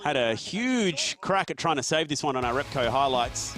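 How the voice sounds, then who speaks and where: A man commentating a sim racing event in a chatty, energetic way. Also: a little high, normal speed, soft background music. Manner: energetic, chatty, laughs often. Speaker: esports race commentator. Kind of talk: sports commentary.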